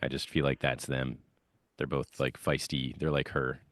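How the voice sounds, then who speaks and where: A man's voice: rumbling low, flat delivery, normal speed, a bit bright, no room sound, studio quality. A man, a band musician, chatting as a podcast guest and telling rambling stories in a self-conscious way. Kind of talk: casual interview chat.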